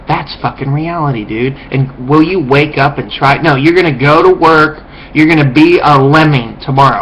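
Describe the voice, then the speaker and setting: Man, vlogger, ranting monologue, profane, contemptuous, lecturing, average pitch, faint hiss. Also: fairly bright tone, poor audio.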